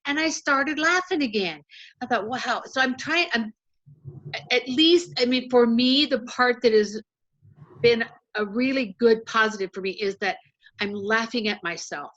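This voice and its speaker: A woman telling a casual story on a group call, animated and laughing at herself. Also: a little high, normal speed. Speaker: caller sharing a story. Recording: lo-fi call audio.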